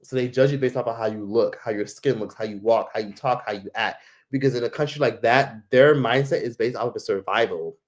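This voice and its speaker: Speaking briskly in a mid-range voice, a travel vlogger from the United States rambles through a casual travel tale heavy with filler words and swearing.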